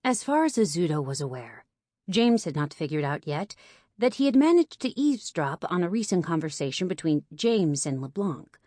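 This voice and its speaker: Low-voiced woman narrating an audiobook. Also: sing-song, moderate pace, mellow, dry recording, studio quality. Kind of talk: scripted narration.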